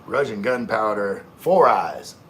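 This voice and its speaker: Man, fairly low voice, livestream host, reads chat aloud, easygoing, repeats words, faint background noise. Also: expressive, takes it slowly, fairly bright tone. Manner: easygoing, repeats words and restarts while reading. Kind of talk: casual livestream chat, reading viewer comments aloud.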